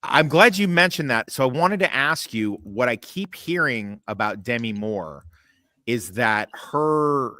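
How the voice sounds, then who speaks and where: A man co-hosting a casual chat, asking questions in a lively way and swearing freely. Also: medium pitch, a little slow.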